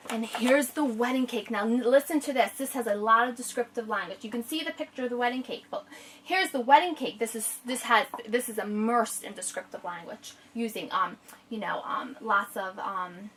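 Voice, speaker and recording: A woman teacher reads a picture book aloud to a young student, stretching out the vivid lines and breaking off to explain. Her voice sits somewhat high and is picked up from a little way off the mic, in a room. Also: distant mic, slight background noise. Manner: expressive, slows down to savor descriptive lines.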